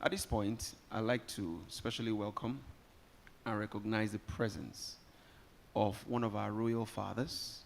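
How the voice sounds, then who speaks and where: A Nigerian man emcees a live summit from a conference hall, joking with guests and rallying the crowd in a lively way. His voice is lowish and unhurried with some vocal fry, and there's slight background noise.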